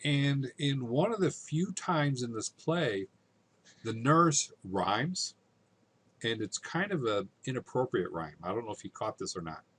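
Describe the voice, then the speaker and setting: A man's voice: mid-range voice, animated, unhurried, a bit bright, slightly rough. A man teaching a literature lesson in a casual, conversational way, often checking in with his listeners.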